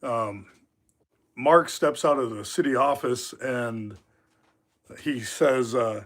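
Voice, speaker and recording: A man's voice: mid-range voice, slow pace, long pauses, a bit bright. A man in his fifties from Alaska, hosting a livestream and telling rambling stories full of filler words. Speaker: livestream host. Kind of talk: casual storytelling. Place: knife workshop.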